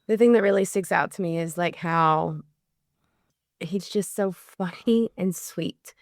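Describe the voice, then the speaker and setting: A woman's voice: lowish voice, a little slow, no room sound, studio quality. A woman in her forties, a bereaved mother and podcast guest, telling stories in casual chat and acting out the people she quotes. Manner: chatty, animated when quoting others.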